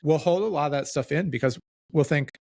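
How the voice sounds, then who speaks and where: Podcast host: man, gravelly voice, reflective and self-deprecating, casual, dry close sound. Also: a little high, a little fast, a little mellow, no echo. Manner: reflective, self-deprecating, talks in loose restarts.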